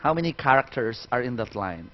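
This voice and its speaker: A man's voice: medium pitch, big pitch swings, fast. A man leading a storytelling workshop in a playful, demonstrative way, quizzing his audience. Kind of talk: interactive workshop lecture. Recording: muffled, dull recording.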